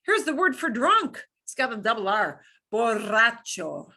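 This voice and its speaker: Lady teaching beginner spanish, bright voice, repeats words slow and playful. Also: high voice, big pitch swings. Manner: demonstrates sounds by slow repetition, playful. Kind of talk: beginner language lesson.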